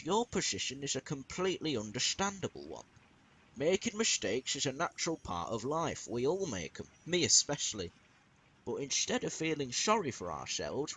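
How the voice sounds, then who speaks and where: A man's voice: mid-range voice, fairly bright tone, slightly rough. A man voicing a stern but fair middle-aged railway boss in a fan-made story, formal in manner.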